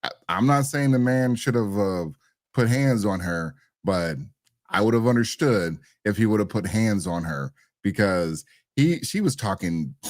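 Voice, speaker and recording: A man's voice: on the low side, no room sound, clean studio sound. A man co-hosting a podcast, talking bluntly and animatedly with loose slang. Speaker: podcast co-host. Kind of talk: casual podcast chat.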